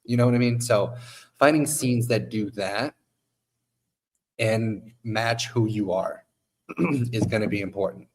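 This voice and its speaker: A man's voice: fairly low pitch, a little slow, long pauses. A man who owns an agency, chatting casually on a podcast with a voice he says is going, and acting out his clients' lines. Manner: animated, acts out quotes of clients. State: losing his voice, coughing. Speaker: modeling agency owner.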